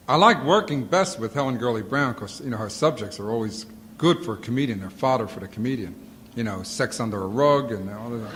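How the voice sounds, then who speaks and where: A man telling comic stories to an audience in animated bursts, with a sore throat and a lozenge in his mouth. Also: medium pitch, long reverb tail. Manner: animated storytelling, acts out quotes. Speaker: comedian answering audience questions. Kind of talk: casual Q&A talk. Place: auditorium before a live audience.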